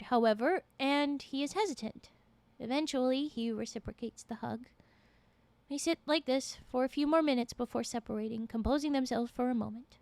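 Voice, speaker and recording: High-voiced woman reading on stream. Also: no room sound. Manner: lively, quips to chat. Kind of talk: live-stream story reading.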